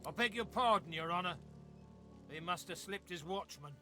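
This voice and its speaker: A stern, bright-voiced magister. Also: male voice, high voice, normal speed, soft background music. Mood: indignant. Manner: stern and indignant. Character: stern, self-righteous male magister guard.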